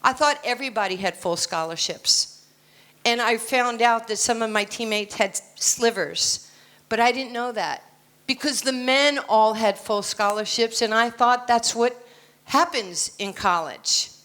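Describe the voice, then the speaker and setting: A woman's voice: a little high, unhurried, a bit bright. An American woman in her sixties giving a motivational talk at a conference, blunt and confident with joking asides. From United States. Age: 60s. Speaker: keynote speaker. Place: conference stage, indoors.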